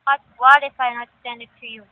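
A woman's voice: fairly high pitch, little pitch movement, fast, no room sound. Polite woman call agent over a tinny phone line. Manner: polite, patient, formal.

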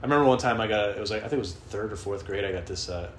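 A man telling rambling, profane stories in a casual comedic monologue, often mimicking people in high squeaky voices. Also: very fast, slight background noise. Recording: echoey room, faint background.

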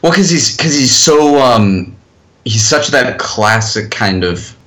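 Rambling podcast man with bright voice. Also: mid-range voice, lively intonation, takes it slowly. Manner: rambling, many fillers and restarts. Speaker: podcast co-host. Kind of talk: casual chat.

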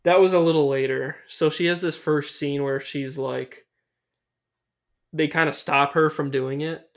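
A man's voice: fairly high pitch, fairly even intonation, measured pace. A young man casually recapping a horror film on a podcast, rambling and swearing, with lots of fillers. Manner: loose and rambling, swears a lot, many fillers. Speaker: podcast host. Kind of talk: casual movie recap chat.

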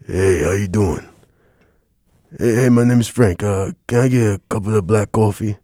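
A man putting on a deep gritty tough guy. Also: normal speed, warm tone, no echo, clean studio sound, natural voice. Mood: casual. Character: gravelly deep-voiced tough guy ordering coffee.

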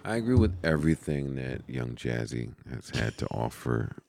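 A man's voice: very deep voice, big pitch swings, moderate pace, gravelly, darkish tone, no echo. A man in a casual conversation as a guest, cutting in with wry asides.

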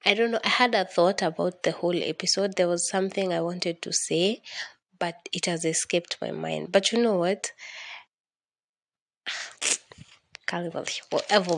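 A woman's voice: on the low side, vocal fry, dry recording. A young woman with a Kenyan accent hosting a casual solo podcast, rambling and dramatic, laughing often. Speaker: podcast host.

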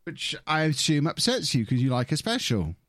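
Brit male podcast host, animated and teasing, dry close sound. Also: a little high, normal speed, dry recording. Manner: teasing, playful banter. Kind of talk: casual gaming podcast chat.

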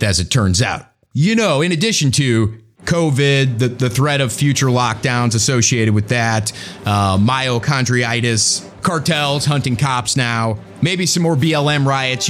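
A male host delivering casual opinion commentary in a blunt, preachy manner. His voice swings widely in pitch, with a sarcastic edge. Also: fairly bright tone. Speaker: show host.

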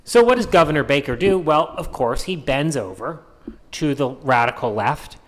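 A man's voice: a little high, lively intonation, moderate pace. A man hosting a political commentary monologue, sarcastic and emphatic, repeating his points. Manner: sarcastic, mocking voices in quotes; emphatic repetition. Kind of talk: opinion monologue.

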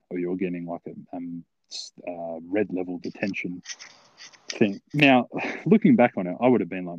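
A man's voice: deep voice, a little fast, slightly rough, dry recording, highs cut off. A young man telling a long story, rambling and swearing, full of fillers. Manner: rambling, profane, filler-heavy. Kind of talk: casual storytelling.

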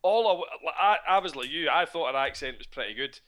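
Casting note: man, bright tense voice, opinionated podcast co-host. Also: fairly high pitch, a little fast. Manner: animated, opinionated, swears casually. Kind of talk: casual chat about a TV show.

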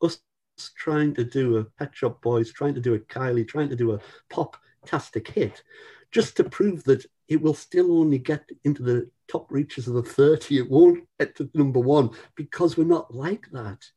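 An older man in his sixties with a mellow, warm voice tells stories from his career in a loose, chatty way. He keeps restarting sentences and circling back, and drops a casual swear word now and then. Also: medium pitch, moderate pace, breathy edge. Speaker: musician being interviewed. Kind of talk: casual anecdotal chat.

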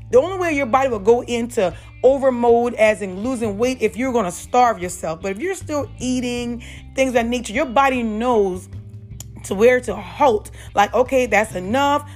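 A middle-aged woman with a Southern accent, talking casually and unedited about natural health and faith, with many fillers and repeated "you guys" and "y'all". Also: on the high side. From South Carolina. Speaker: holistic health talk host.

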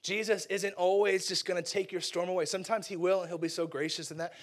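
High-voiced man preaching casually. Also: little pitch movement, quick pace. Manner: conversational, joking, says "like" often. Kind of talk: casual, humorous sermon.

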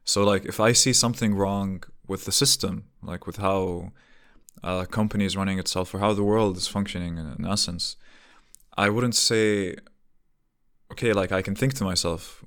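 A man's voice: deep voice, fairly even intonation, moderate pace, a bit bright. A young man talking casually and reflectively to himself, rambling through rhetorical questions with frequent restarts.

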